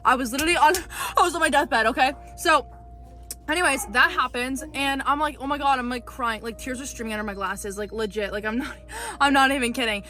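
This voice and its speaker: A woman telling a storytime clip to her viewers, indignant and animated. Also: high-pitched, fairly quick.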